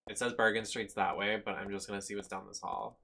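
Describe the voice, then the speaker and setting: Bright-voiced man fretting through gameplay. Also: lowish voice, steady tone, fast, vocal fry, a little hiss or hum. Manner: anxious, dramatic exclamations. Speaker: streamer. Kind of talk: live gameplay commentary.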